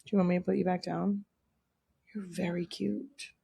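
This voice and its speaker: A young woman hosting a podcast in casual chat, gushing and dropping into soft whispers as she coos over animals in the studio. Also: fairly low pitch, flat delivery, normal speed, vocal fry, breathy edge, no echo. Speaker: podcast host. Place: indoor studio.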